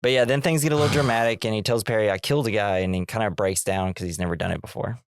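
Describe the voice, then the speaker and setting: A man's voice: lowish voice, racing, smooth, no room sound, clean studio sound. Casual man recapping a movie scene. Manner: retells scenes acting out characters' lines, laughing. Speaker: podcast co-host.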